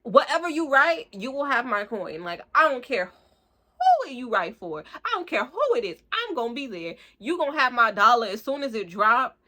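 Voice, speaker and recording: A young woman, rambling excitedly in a casual book review, full of fillers and slang. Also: a little high, normal speed, a little hiss or hum. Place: room at home, street outside.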